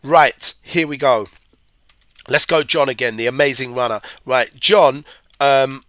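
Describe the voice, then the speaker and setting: A man's voice: medium pitch, unhurried, fairly bright tone, no echo. A man with hay fever, giving a chatty, rambling live-stream physics revision lesson and talking to his viewers. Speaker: physics tutor.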